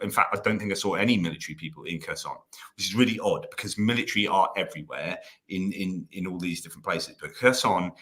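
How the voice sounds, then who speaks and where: A man talking as a guest on a live stream, halting with frequent restarts and fillers, emotional at moments. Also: deep voice, pushed and bright. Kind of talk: casual live-stream conversation.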